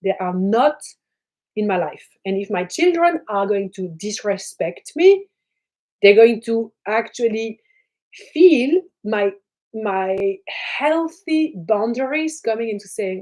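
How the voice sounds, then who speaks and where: A woman's voice: mid-range voice, expressive, takes it slowly, a little mellow, low-quality recording. A middle-aged woman speaking as a spiritual teacher in an earnest, emphatic teaching monologue, sometimes acting out what people say. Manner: earnest, emphatic, acts out quoted speech.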